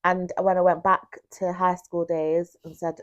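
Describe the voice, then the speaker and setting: A woman's voice: on the low side, little pitch movement, unhurried, lo-fi sound. A woman with a Manchester accent, co-hosting a podcast in a giggly, playful way as she tells stories. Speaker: podcast co-host. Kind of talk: casual chat.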